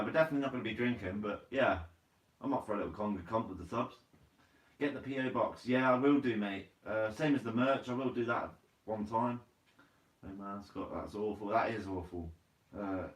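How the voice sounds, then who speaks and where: A man's voice: fairly low pitch, far from the mic. A man hosting a fishing channel live stream, reading viewer comments aloud in a casual, chatty way and calling people mate. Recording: roomy, from away from the mic.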